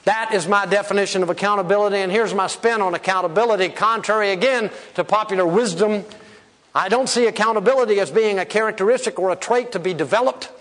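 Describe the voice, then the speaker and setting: A man's voice: high-pitched, fast, a bit bright, in a large hall. Man speaker quizzing his audience. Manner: quizzes the audience with rhetorical questions. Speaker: motivational speaker. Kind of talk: keynote speech on accountability.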